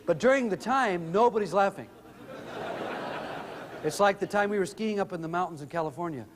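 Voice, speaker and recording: A middle-aged man telling humorous family stories in an animated way to an audience. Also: a little fast, long reverb tail, noisy background. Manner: animated, rises in pitch when excited. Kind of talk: humorous storytelling talk.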